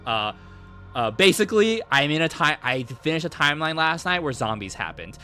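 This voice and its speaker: A young man streaming, giving an excitable, sweary casual recap of a game he played and acting out the lines. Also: on the high side, normal speed, soft background music. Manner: excitable, swears a lot, acts out quotes.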